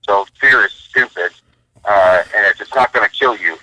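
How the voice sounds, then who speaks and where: A man's voice: lowish voice, moderate pace, bright, forceful tone, low-quality recording. A man, a military veteran guest on a podcast, giving blunt, punchy motivational talk. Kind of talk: motivational conversation.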